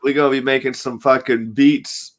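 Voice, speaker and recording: A man's voice: mid-range voice, level tone, moderate pace, dry recording. A man chatting casually as a podcast guest, joking and laughing easily. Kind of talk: casual chat.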